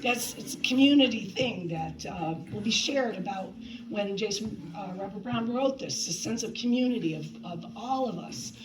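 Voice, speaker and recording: A woman's voice: medium pitch, expressive, moderate pace, a crowd in the background, rough recording. A woman directing a community choir rehearsal in a chatty way, counting beats and singing phrases to show them. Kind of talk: rehearsal instruction. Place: rehearsal hall with choir present.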